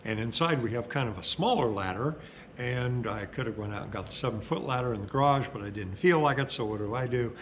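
A middle-aged male pastor who preaches in a conversational, storytelling way and slows down for emphasis. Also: medium pitch, a little hiss or hum. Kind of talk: sermon.

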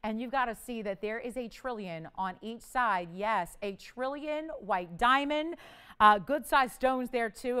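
A woman hosting a live jewelry shopping show, pitching items in chatty, joking, upbeat patter. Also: a bit bright, smooth. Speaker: shopping channel host.

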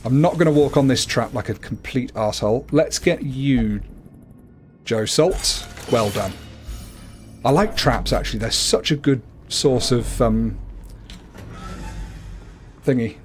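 A man's voice: animated, slow, pauses often, faint music behind. A man casually commenting on a game he is livestreaming, chatty and playful. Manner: chatty, playful, often slips into a high cooing voice for his cat. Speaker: gaming livestreamer.

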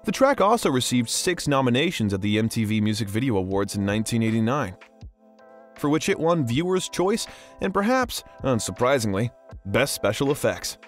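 A man's voice: mid-range voice, big pitch swings, moderate pace, soft background music. A man reading a scripted documentary narration as the channel's host, in a polished voice-over delivery.

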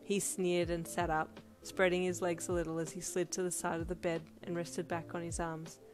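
A woman narrating a second-person fan fiction audiobook in a steady storytelling read. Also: on the low side, moderate pace. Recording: loud music bed under voice.

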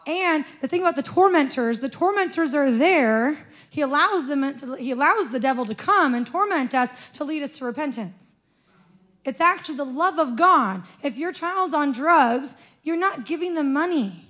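A woman with a high voice delivers a sermon in a church. She tells her story with lively feeling and often breaks into laughter as she speaks. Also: moderate pace. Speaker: preacher.

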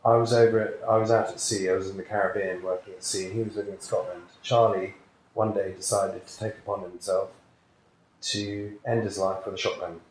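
A man's voice: fairly low pitch, flat delivery, a little fast, slight background noise. Earnest British man in echoey room. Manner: emotional, earnest, reflective. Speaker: psychic healer, guest. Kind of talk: personal storytelling in an interview. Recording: very echoey room, faint ambience.

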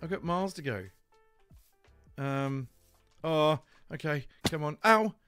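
A man streaming a Minecraft speedrun, chatting casually with his co-host and chat, excitable and quick to laugh. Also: fairly high pitch. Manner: excitable, yelps and laughs at in-game scares. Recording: faint music behind.

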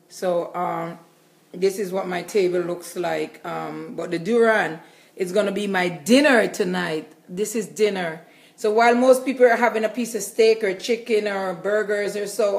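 A woman vlogger chatting casually and enthusiastically while showing her groceries, repeating herself as she goes. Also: mid-range voice. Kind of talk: casual grocery haul vlog.

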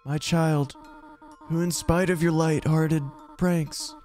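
A man voicing a gentle, motherly goat woman in a game, speaking formally and politely with no contractions. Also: on the high side, steady tone, slow, soft background music.

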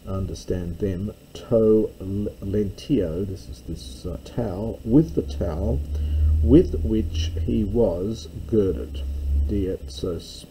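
A man reads through Greek text verse by verse, stopping with care to explain each word and its grammar. His voice is dark and mellow and a little low, and he talks very slowly. A faint hiss sits behind him. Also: low-quality recording. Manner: careful, stops to explain grammar. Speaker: Greek teacher. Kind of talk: slow verse-by-verse Greek lesson.

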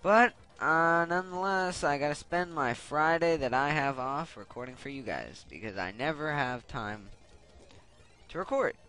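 A man's voice: on the high side, expressive, normal speed, sharp tone, soft background music. A young man commenting on his gameplay in a casual, irritated way, swearing and rambling. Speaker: let's play gamer.

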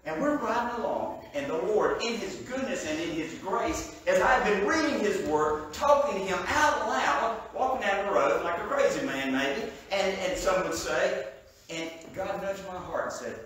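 An older man with a drawl preaches to a congregation, his tone slightly raised above the usual male range. He tells homely stories, dropping to quiet asides and then climbing to loud, emphatic peaks. The mic sits some way off in a very echoey church room, with a faint hum of ambience behind him. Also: sits high, animated, moderate pace, far from the mic. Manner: storytelling with swings between soft asides and loud emphatic peaks. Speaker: evangelist preacher. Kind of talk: sermon. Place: church sanctuary.

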